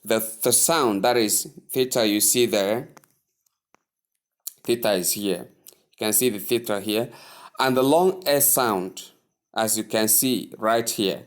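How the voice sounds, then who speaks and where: Slow, deliberate male pronunciation teacher. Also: lowish voice. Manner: repeats words slowly, drills the listener. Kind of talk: slow, deliberate spoken lesson.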